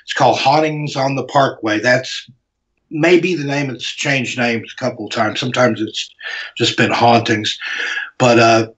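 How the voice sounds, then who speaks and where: A man's voice: mid-range voice, fairly even intonation, unhurried, a bit bright. A man in casual chat, speaking hesitantly with many fillers and restarts. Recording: muffled lo-fi audio.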